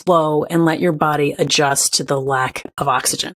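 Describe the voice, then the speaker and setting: Lower-voiced woman telling a story. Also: fairly even intonation, moderate pace, a bit bright. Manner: earnest, storytelling, upbeat. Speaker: podcast guest, author. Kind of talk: conversational interview.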